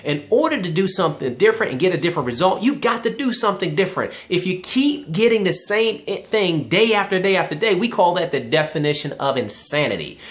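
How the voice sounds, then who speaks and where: Animated preaching man. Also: fairly quick, hardly any pauses. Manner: preacherly, emphatic, rises in pitch for emphasis, quotes scripture; addresses listeners directly. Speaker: motivational speaker. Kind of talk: inspirational sermon-style talk.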